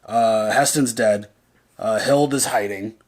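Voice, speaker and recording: Here a man with a fairly low voice takes his time. As co-host of a reaction video, he rambles casually and crudely, restarting sentences as he thinks aloud, with "like" and "dude" coming up constantly.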